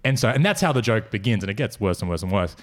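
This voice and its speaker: A man's voice: fairly low pitch, expressive, quick pace. An Australian man hosting a podcast, telling stories in a casual, laughing way. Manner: laughing, storytelling. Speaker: podcast host. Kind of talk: casual chat.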